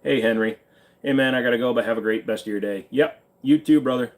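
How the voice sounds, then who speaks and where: A man's voice: mid-range voice, fast talker. A man from Virginia casually answering live chat questions, offhand and swearing freely, while sitting in a friend's pawn shop.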